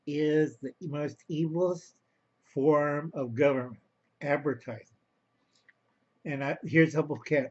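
A man's voice: a little high, slow pace, pauses often, dull audio. A man rambling through a home video monologue, talking to his viewers as boys and girls and calling himself by name in the third person. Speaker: vlogger.

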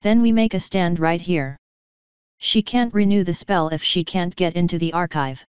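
A woman's voice: on the low side, normal speed, darkish tone, clean tone, dry recording, lightly acted. Rainbow, a brash pegasus mare, read by a woman. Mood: blunt. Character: brash, bold young female pegasus pony. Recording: dull lo-fi dry recording.

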